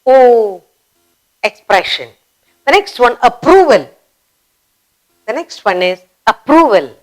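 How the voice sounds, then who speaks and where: A woman teaching a basic grammar lesson for children. She speaks slowly, repeats key words and acts out example exclamations. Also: fairly high pitch, very animated, rough recording. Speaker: English teacher.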